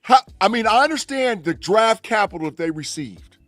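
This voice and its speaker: A man's voice: sits high, moderate pace, dry recording, soft background music. A man co-hosting a live sports podcast, talking emphatically and repeating his points. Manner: emphatic, lively, repeats himself. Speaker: podcast co-host. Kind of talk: casual sports chat.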